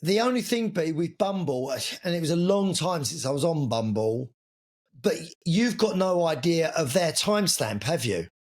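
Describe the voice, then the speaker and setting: A man leads a casual group talk. His voice sits slightly high. He asks questions in a chatty way and sounds a little incredulous. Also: expressive, moderate pace, a little mellow.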